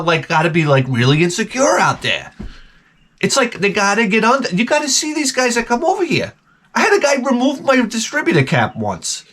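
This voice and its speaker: A man's voice: high-pitched, big pitch swings, brisk, fairly bright tone. A middle-aged man ranting sarcastically through a casual story, mimicking the people in it. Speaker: vlogger.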